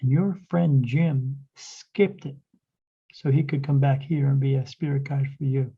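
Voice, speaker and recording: Gravelly man telling a rambling story. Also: mid-range voice, steady tone, a little slow, mellow. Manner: rambling anecdote full of quoted dialogue and restarts. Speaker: spirit medium, podcast guest. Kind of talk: casual storytelling in a podcast interview. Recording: dull, lo-fi podcast audio.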